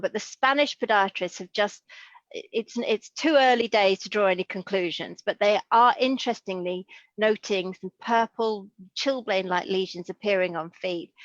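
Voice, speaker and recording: A woman's voice: mid-range voice, no echo, highs cut off. A middle-aged woman from Liverpool, a consultant podiatrist, talking chattily and with enthusiasm in an interview over a video call. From Liverpool, England. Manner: chatty, enthusiastic, full of asides.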